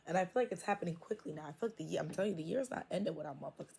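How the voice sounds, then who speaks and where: A woman's voice: lowish voice, animated, very fast, creaky, darkish tone, husky. A woman giving a casual tarot reading, blunt and full of swearing, laughing often. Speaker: tarot reader. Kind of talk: casual spiritual reading, profane and playful.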